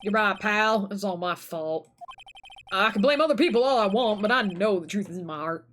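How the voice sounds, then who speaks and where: Woman voicing a blustery Southern detective guy for a game read, lively pitch swings. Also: normal speed, slight background noise, lightly acted. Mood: glum. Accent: put-on Southern US. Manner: blustery, says "pal" a lot. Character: gruff Southern male police detective, bumbling.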